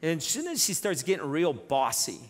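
A middle-aged man preaching a sermon, telling a lively story with many repeated starts. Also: a little high, normal speed. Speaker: pastor. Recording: long reverb in a church hall.

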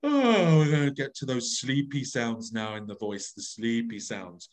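A man's voice: mid-range voice, expressive, measured pace. A man leading an online voice workshop over a video call, coaxing the group and acting out each phrase with big, exaggerated expression. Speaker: voice workshop leader.

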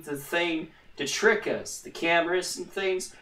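Rambling and self-deprecating, a male gaming host jokes his way through a relaxed let's-play. His slightly high voice is bright and forceful, unhurried but with hardly any pauses, and it's picked up from a distance in an echoey room.

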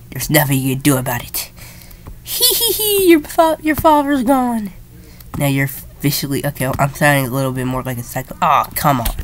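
A woman giving playful, jokey commentary while playing a strategy game, often jumping into silly high voices. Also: a bit bright. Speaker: gaming YouTuber. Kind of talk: casual gameplay commentary.

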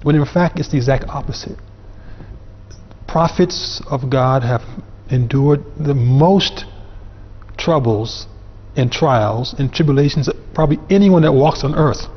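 A man with a mid-range, slightly breathy voice speaks at a measured pace as a panel guest, laying out religious ideas with earnest emphasis. The sound is dull and carries a long reverb.

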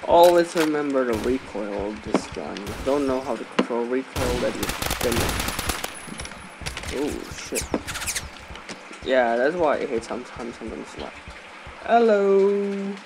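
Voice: medium pitch, expressive, measured pace, long pauses. Laid-back gamer commenting on a match. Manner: playful, swears, laughs often. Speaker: gaming video host. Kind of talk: casual gameplay commentary. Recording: loud game noise behind.

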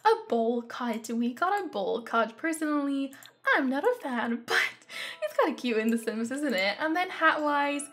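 A young woman reviewing a video game in excitable, gushing commentary, often gasping with delight. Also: sits high, normal speed. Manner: gushing and excitable, frequent gasps. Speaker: gaming YouTuber.

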